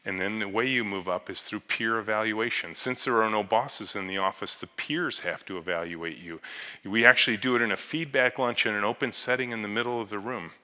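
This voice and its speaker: A man's voice: on the low side, a little fast, bright, forceful tone, clear, resonant tone. Earnest man speaking in a reverberant hall. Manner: earnest storyteller, voices the people in his anecdotes. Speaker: company CEO giving a talk. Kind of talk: conference talk with storytelling.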